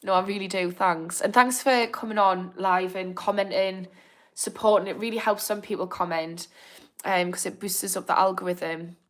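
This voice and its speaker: A woman's voice: mid-range voice, steady tone, moderate pace. Chatty Northern English woman. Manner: chatty, apologetic, encouraging, laughs easily. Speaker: livestream host. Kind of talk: casual live chat reading comments.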